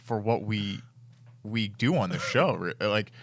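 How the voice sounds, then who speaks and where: A man's voice: on the low side, a little slow. A man co-hosting a casual history podcast, asking questions and stammering through restarts. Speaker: podcast co-host. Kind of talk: casual chat.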